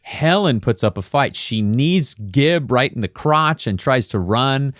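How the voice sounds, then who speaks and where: A man's voice: medium pitch, animated, a little slow, a bit bright, no echo, clean studio sound. A man casually retelling a film plot with a co-host, joking and laughing as he goes. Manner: jokey, laughs while retelling. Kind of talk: casual movie recap chat.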